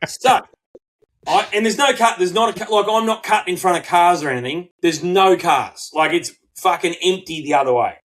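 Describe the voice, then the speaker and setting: A middle-aged Australian man co-hosting a podcast, telling a story in casual chat, swearing freely and acting out quotes in animated bursts. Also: high-pitched, moderate pace, poor audio. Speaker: podcast co-host.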